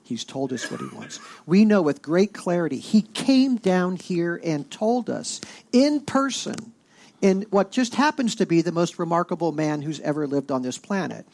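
Emphatic preacher man with a gravelly voice. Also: on the high side, a little mellow. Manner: emphatic, rising when reading scripture aloud. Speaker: pastor. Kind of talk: sermon.

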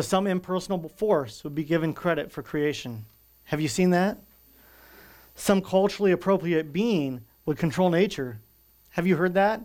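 A man delivers an earnest sermon, leaning hard on key words with slow, deliberate pauses. His voice sits a little high for a man. He sounds middle-aged and is audibly moved as he preaches. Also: a little mellow, clean tone. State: moved to tears at times. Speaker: pastor.

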